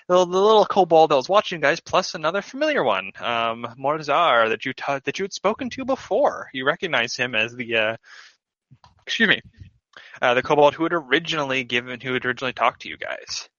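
A man's voice: fairly high pitch, very animated, a little fast, sharp tone, no echo. A man narrating as game master of a tabletop game, rambling with many fillers and restarts. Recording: dull lo-fi audio.

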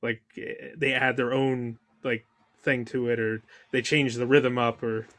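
A man's voice: mid-range voice, level tone, a little slow, a bit bright. A man interviewing a filmmaker, asking casual questions full of "like" and restarts. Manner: casual, many fillers like "like". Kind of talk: conversational interview.

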